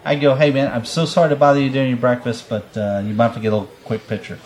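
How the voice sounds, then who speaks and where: Podcast host, man, casual rambling storyteller, swears freely, mid pitch. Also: little pitch movement, very fast, darkish tone. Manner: rambling, profane, laughs often.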